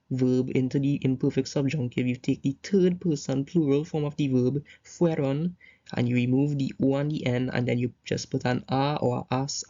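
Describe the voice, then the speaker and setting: Brief: male tutor, mellow dark voice, loose rambling explanations, lo-fi dull recording. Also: medium pitch. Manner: loose, repetitive explaining with fillers. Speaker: Spanish tutor. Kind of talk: casual recorded grammar lesson over slides.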